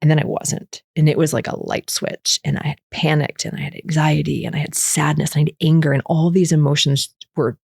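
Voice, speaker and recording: In a frank interview, a middle-aged guest earnestly recounts her recovery, frequently bringing her own and others' words to life in animated re-enactments. Her low voice has vocal fry and a breathy edge, and she speaks briskly with hardly a pause, in clean studio sound with no room echo.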